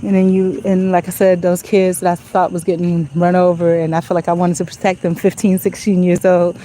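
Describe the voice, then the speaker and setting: A woman's voice: fairly low pitch, flat delivery, brisk, mellow, slight background noise, low-quality recording. A woman talking to her phone while walking outdoors at night, in a reflective, conversational way full of "you know". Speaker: vlogger. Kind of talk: casual walk-and-talk monologue.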